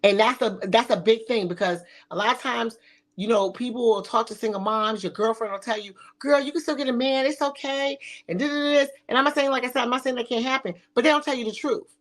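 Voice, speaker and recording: A woman's voice: on the high side, fairly even intonation, fast. A middle-aged woman hosting a talk show, speaking bluntly and sassily with frequent swearing. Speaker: podcast host. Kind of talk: provocative casual talk.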